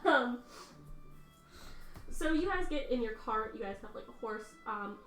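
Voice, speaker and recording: A woman's voice: on the high side, animated, measured pace, a bit bright. A woman narrating a tabletop game as game master, casual with lots of fillers. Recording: roomy, far from mic, music.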